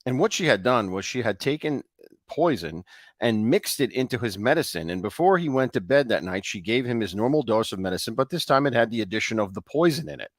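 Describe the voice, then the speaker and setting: A man co-hosting a show, casually retelling a ghost story in a loose, halting way. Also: mid-range voice, animated, dry recording, studio quality. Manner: loose, with fillers and restarts. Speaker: co-host.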